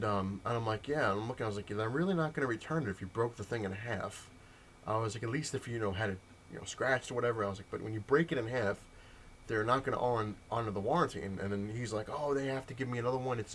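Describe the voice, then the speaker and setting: A man's voice: medium pitch, fairly quick, a little hiss or hum. Heated ranting male vlogger. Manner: heated, animated storytelling with mimicked dialogue. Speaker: comic collector vlogger. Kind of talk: casual ranting vlog.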